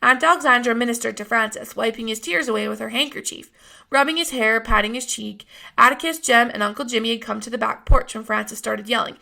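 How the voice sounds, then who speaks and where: A woman reading a novel aloud with steady storytelling narration. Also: a little high, brisk, creaky. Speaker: reader of a novel.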